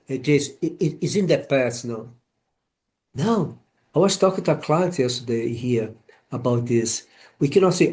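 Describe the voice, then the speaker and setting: Halting man hosting a casual interview. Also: a little high, a little mellow. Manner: halting, repeats words, many restarts. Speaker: podcast host and healing practitioner. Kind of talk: casual conversation. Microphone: home camera setup.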